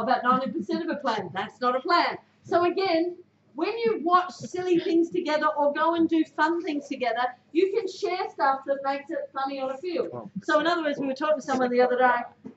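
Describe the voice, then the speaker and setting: Brief: woman, high voice, blunt punchy coach talk, dull lo-fi room sound. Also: roomy sound, slight background noise. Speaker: speaker addressing a football team. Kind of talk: motivational talk. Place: indoor room with a team.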